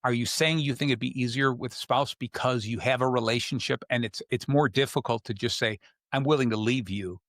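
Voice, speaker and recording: A man hosting a podcast, explaining relationship advice in an easy, conversational manner at a mid pitch. He slips into short quoted exchanges as he talks. The sound is dry and close, with no room echo. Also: fairly even intonation, fairly quick, few pauses, a bit bright. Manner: conversational, acts out quoted people. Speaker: host. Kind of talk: casual advice talk.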